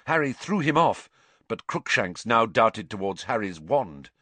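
Man reading a fantasy audiobook, slow, dry close sound. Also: on the low side, no echo. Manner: slow, dramatic and animated. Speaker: audiobook narrator. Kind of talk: expressive audiobook narration.

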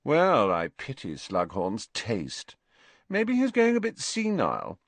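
A man's voice: mid-range voice, huge pitch swings, takes it slowly, no room sound, pitched above the performer's own voice, full character voice. Male reader doing a haughty, sneering schoolboy, drawling and lofty. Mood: scornful. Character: sneering spoiled teenage wizard boy.

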